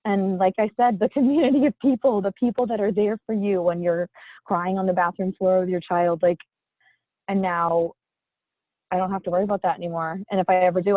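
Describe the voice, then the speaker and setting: A woman in her thirties, appearing as a testimonial guest, tells a personal story in casual, chatty, emotional talk packed with "like." Her voice sits fairly low, and the video-call recording is dry with a phone-like line.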